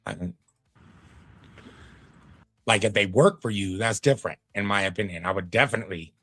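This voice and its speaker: A laid-back male streamer chats through a live reaction video in a folksy, drawling way. His voice sits on the low side and sounds dry and close, with faint music playing underneath. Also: bright, forceful tone, dry recording. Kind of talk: casual live commentary.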